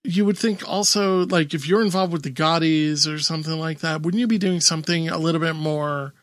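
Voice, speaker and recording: A podcast co-host chats casually, rambling with fillers and laughing easily. His voice is on the high side, fairly quick and a bit bright, in a dry, clean studio recording.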